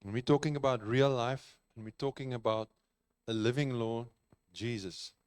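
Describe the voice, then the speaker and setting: Male pastor, mid-pitched, clear resonant voice, earnest conversational sermon delivery. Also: moderate pace, a little mellow, no echo, studio quality. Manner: earnest, conversational preaching with repeated phrases. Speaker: preacher. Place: church.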